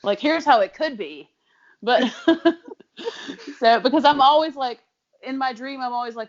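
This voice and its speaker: A woman's voice: high-pitched, animated, unhurried, highs cut off. A woman co-hosting a podcast in casual chat, chatty and teasing, laughing often. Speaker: podcast co-host.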